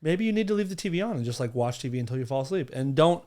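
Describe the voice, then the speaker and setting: Male podcast co-host, post-illness voice, relaxed and profane, offering casual advice. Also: medium pitch, racing. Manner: laid-back, swears casually, gives advice. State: recovering from illness, voice not fully back. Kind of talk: casual chat.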